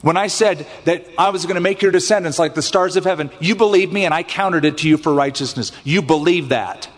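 Male pastor, higher voice, expressive sermon delivery, reverberant sanctuary sound. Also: brisk. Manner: expressive preaching that acts out scripture voices. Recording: long hall reverb.

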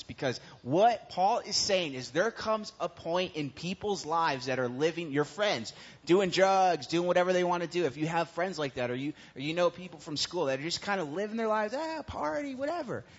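Preacher, male, slightly high pitch, casual animated delivery, dull lo-fi recording. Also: fairly quick, breathy edge. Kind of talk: sermon.

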